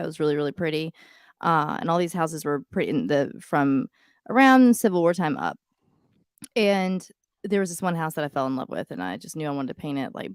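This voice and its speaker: A woman chats on a podcast, rambling through stories full of fillers. Her voice sits on the low side. The sound is close and dry. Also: dry recording. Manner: chatty storyteller, lots of "like" and "um". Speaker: podcast co-host. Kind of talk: casual chat.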